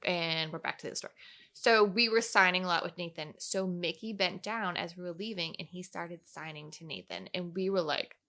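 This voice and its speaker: A woman guest on a podcast telling a story in an excited, animated way. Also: lowish voice, normal speed. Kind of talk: casual storytelling.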